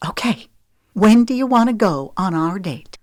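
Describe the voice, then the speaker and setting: A fiery young woman with a short temper and a sharp, heated delivery, as an audiobook narrator puts her on. Her voice sits higher than the narrator's own low register. The recording is dry and close. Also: expressive, moderate pace, no room sound, close to an everyday voice. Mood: curt.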